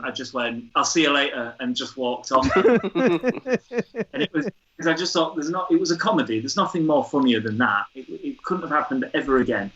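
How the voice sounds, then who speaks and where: A man, a theatre director, chatting as a guest and telling a lively anecdote. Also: mid-range voice. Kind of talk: casual chat, storytelling. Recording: dull lo-fi recording.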